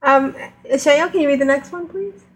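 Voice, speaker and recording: A woman hosting a gaming podcast, bubbly and giggly, reacting quickly to her co-hosts. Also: high-pitched. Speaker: podcast host. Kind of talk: casual podcast chat.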